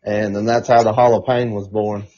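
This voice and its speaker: A man's voice: fairly low pitch, level tone, moderate pace, warm tone, a little hiss or hum. A man co-hosting a podcast, telling a backstage story in loose, profane casual chat full of fillers. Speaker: podcast co-host. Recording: dull lo-fi podcast audio.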